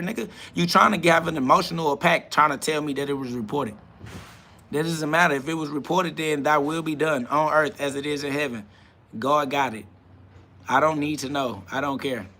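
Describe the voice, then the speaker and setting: A man's voice: a little high, vocal fry, sharp tone, breathy edge. A man hosting a live stream, ranting combatively and profanely while answering chat comments.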